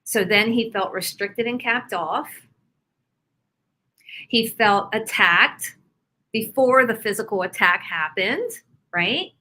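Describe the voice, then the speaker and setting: A woman guest on an interview show, a healer, talking casually and telling stories about her clients with lively examples. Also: mid-range voice, slow, pauses often, low-quality recording. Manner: animated storyteller, explains with examples.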